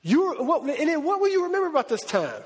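A man giving a casual, animated Bible teaching, acting out the quotes in a conversational way. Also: extremely high pitch, fast talker. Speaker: preacher. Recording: reverberant hall.

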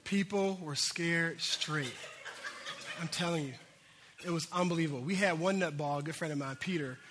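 A man preaching a sermon as a pastor, telling a story in an animated way that swings between loud bursts and hushed moments. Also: a little high, moderate pace, background noise. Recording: hall reverb.

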